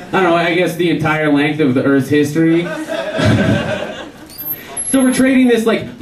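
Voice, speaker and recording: Stand-up comic, male, profane ranting delivery, somewhat high voice, taped from the back of an echoey club. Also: darkish tone. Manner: profane, ranting, laughs at his own jokes. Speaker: stand-up comedian. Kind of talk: stand-up set at an open mic. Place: bar or club open mic night. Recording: echoey room recorded from far off.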